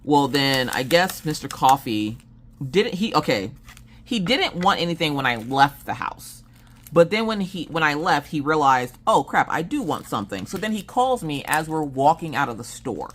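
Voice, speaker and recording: Woman in her 30s chatting about her kids, low voice, super animated, jokey. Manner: animated, jokey, acts out family members' lines. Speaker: vlogger telling family stories. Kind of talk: casual storytelling chat.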